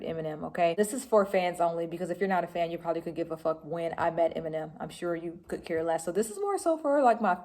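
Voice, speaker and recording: A woman in her forties from Detroit telling a personal story to camera in a casual, animated way, laughing and breaking into shrieks as she relives it. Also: lowish voice. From Detroit, Michigan, US. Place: home room with laundry behind.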